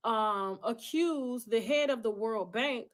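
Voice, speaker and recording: A woman's voice: on the high side, slow pace. A woman telling a personal story in a casual monologue. She talks bluntly, swears freely and acts out other people's lines as she goes. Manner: blunt, profane and emphatic.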